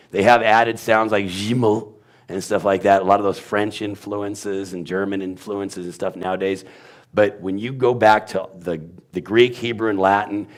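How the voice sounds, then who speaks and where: A man giving an informal Bible teaching, sounding out letters aloud and wandering into asides. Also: fairly low pitch. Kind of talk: informal teaching on Hebrew pronunciation.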